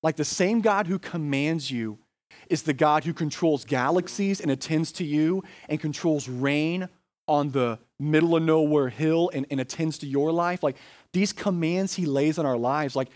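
A man's voice: fairly high pitch, normal speed, a little mellow. A man with an American accent, a pastor preaching a sermon in a conversational way, often asking "right?" and saying "like".

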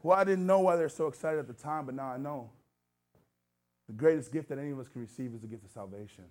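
A man's voice: medium pitch, fast, a little mellow. An American man preaching a sermon in a church, telling his story casually and then pressing his listeners with urgent exhortation. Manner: earnest, building to urgent exhortation. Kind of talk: sermon with personal testimony. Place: church sanctuary.

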